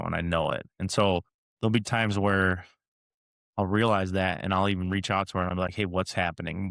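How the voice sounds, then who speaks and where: Podcast host guy, low gravelly voice, talks casual about his marriage, dry sound. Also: fairly bright tone, no echo. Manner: conversational, retells his own lines in quotes. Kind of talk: casual chat.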